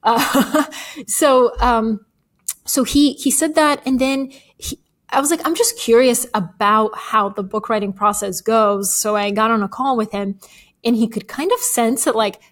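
Chatty woman with a higher voice. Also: measured pace. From Bulgarian American. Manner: chatty, laughs often, quotes others in animated voices. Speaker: guest, author. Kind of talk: casual interview chat.

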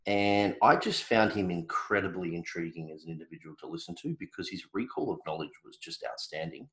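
Low-voiced Australian man, laid-back chat. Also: lively intonation, brisk, fairly bright tone, roomy sound, low-quality recording. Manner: laid-back, joking, trailing restarts. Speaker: podcast co-host. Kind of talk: casual chat.

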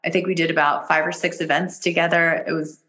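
A woman guest on a podcast, an energy healer telling a personal story in casual chat, animated and laughing often as she acts out what people said. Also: fairly low pitch, fast talker, rough recording. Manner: animated, laughs often, jumps into quoted voices.

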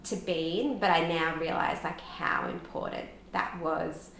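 Her voice is low and fairly bright, with vocal fry and a measured pace. A woman in her thirties appearing as a podcast guest, she shares candid, emotional stories and says "like" a lot. The audio carries a roomy echo and faint background noise.

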